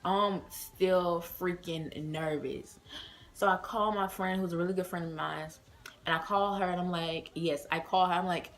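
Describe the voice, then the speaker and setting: A woman's voice: lowish voice, steady tone, measured pace, slight background noise. A woman from the United States telling a casual storytime vlog, chatty and full of fillers, talking straight to her viewers as y'all. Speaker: vlogger.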